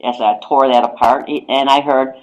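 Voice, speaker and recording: A woman's voice: very deep voice, fairly even intonation, moderate pace, dull audio. A woman psychic guest on a radio talk show, casually telling a long anecdote and repeating "I says" as she goes. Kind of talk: casual radio chat, storytelling.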